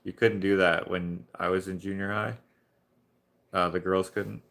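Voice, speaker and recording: A Canadian man chatting casually on a live painting stream, meandering from one anecdote to the next. His voice is lowish and gravelly, with plenty of fry. He chuckles as he talks. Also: flat delivery, a little slow, a bit bright. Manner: rambling storyteller, chuckling. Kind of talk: casual chat while painting.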